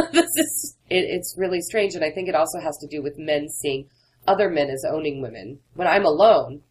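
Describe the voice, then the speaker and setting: A woman's voice: low voice, animated, moderate pace, darkish tone, slight background noise, rough recording. A woman author in an interview, talking earnestly and candidly through personal stories. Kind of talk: interview conversation.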